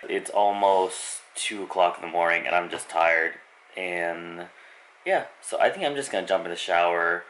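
A young man chatting casually to camera in a vlog, excited and joking, out at a restaurant. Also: sits low, normal speed. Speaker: vlogger. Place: restaurant and car out and about. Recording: loud crowd and noisy ambience.

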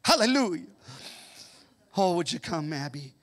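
A man preaching a Pentecostal sermon as pastor, swinging between fervent shouting and hushed, near-whispered passages. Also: high voice, expressive, normal speed, pauses often.

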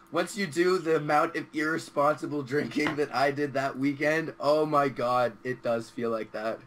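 A man's voice: on the high side, unhurried, few pauses, background noise. A young man from Canada co-hosting a casual podcast chat, rambling and laughing a lot over a call. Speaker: podcast co-host. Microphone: video call.

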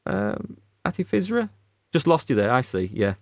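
A man's voice: medium pitch, big pitch swings, moderate pace, darkish tone, no room sound, clean studio sound. A man with a northern English accent chatting casually while playing a game, rambling and self-mocking. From Northern England. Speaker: let's play host. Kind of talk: casual gameplay commentary.

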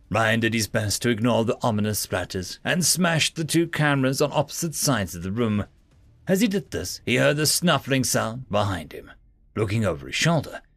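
A man narrating a science fiction story for his channel, reading with expressive, dramatic delivery. His voice has a gravelly grain and swings widely in pitch. The recording is dry and close. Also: no room sound. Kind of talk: reading Reddit sci-fi story aloud.

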